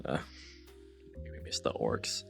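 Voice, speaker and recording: A man's voice: slow, a bit bright, soft background music. Chuckling male streamer chatting casually. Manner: reads chat messages aloud and jokes about them, chuckling often. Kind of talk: casual live-stream chat.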